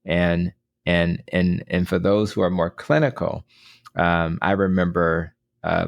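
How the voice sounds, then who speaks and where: A man's voice: low-pitched, vocal fry, no room sound. A man hosting a podcast and interviewing a guest, earnest, often repeating words as he starts a sentence. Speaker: podcast host, physician. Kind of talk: conversational interview.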